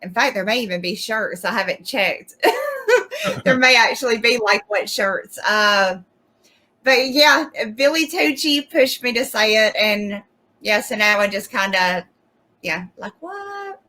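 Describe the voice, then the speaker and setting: A woman's voice: medium pitch, a little slow, sharp tone, low-quality recording. A young woman guest in a casual interview, chatty, acting out quotes of herself and laughing often. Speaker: guest YouTuber.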